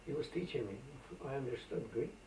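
A man's voice: medium pitch, expressive, fairly quick, mellow, slight background noise. A man in his eighties, from Macedonia, telling rambling stories full of fillers in an oral history interview, recorded on a roomy tape from a distance. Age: 80s. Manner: rambling, anecdotal, with frequent fillers. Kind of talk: reminiscing conversational storytelling.

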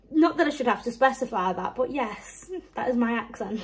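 In a low-quality recording, a young woman who's a mum and vlogger rambles through her shopping haul, reading off prices with little laughs. Her fairly high voice has lively intonation, a moderate pace, and few pauses.

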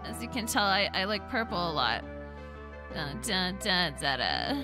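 A woman's voice: medium pitch, huge pitch swings, takes it slowly, pauses often. A young woman streaming a game, chatting casually with her viewers, swearing freely and humming along to the game music. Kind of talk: casual live-stream chat while gaming. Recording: game music playing clearly behind.

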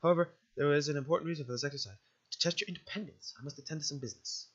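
A man voicing a gentle, motherly female goat monster, reading her game lines aloud in a soft, formal, doting way. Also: on the high side, rapid-fire, breathy edge, muffled recording.

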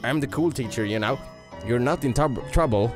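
A man's voice: medium pitch, normal speed, over music, voice pushed down, lightly acted. A man reading the lines of a nervous, stammering lizard teacher from a game.

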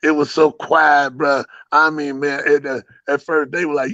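A man's voice: fairly high pitch, little pitch movement, normal speed, hardly any pauses, pushed and bright, no echo, dull audio. A man telling rambling, profane stories as an interview guest, with many fillers and frequent laughs. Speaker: interview guest, dog breeder. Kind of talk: casual storytelling interview.

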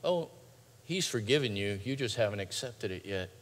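A male pastor preaching a sermon in a large church, swinging between loud urgent pleading and quiet hushed lines. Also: lowish voice, expressive, normal speed. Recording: long hall reverb.

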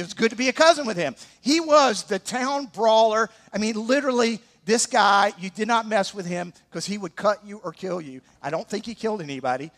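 With a high voice and a Southern Alabama accent, a pastor preaches energetically and throws humorous asides out to his congregation.

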